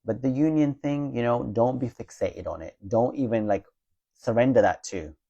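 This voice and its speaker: A man's voice: medium pitch, moderate pace, creaky, dark tone, dull audio. A man working as a spiritual teacher, answering viewers' questions in a live Q&A chat with a blunt, matter-of-fact, teasing manner.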